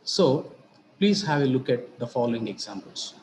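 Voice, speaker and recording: A man giving a grammar lesson as a teacher, explaining each point deliberately, repeating himself and spelling out examples. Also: mid-range voice, lively intonation, a little mellow, slight background noise. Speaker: English teacher. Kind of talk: slow explanatory grammar lecture. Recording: roomy echo with faint ambience.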